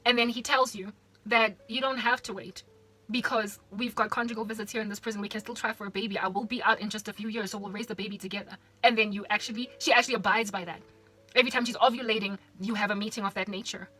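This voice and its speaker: A woman's voice: medium pitch, steady tone, quick pace, sharp tone, slightly rough, soft background music. A woman from South Africa, a Christian vlogger, preaching casually and animatedly, putting rhetorical questions straight to the listener.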